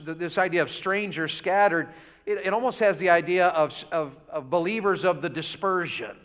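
A man's voice: high-pitched, fairly bright tone. A man preaching a revival sermon, folksy and full of questions to the congregation. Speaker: pastor. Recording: dull lo-fi church audio.

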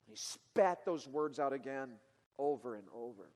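Male preacher, mid-pitched, earnest sermon delivery swinging from loud peaks to hushed lines, recorded with long hall reverb. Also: expressive, a little slow. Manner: earnest, building to loud emotional peaks then dropping quiet. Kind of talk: sermon storytelling.

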